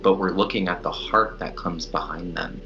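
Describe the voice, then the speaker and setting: A man's voice: low voice, normal speed, pushed and bright, muffled recording, soft background music. A man talking earnestly and reflectively in a casual spiritual conversation.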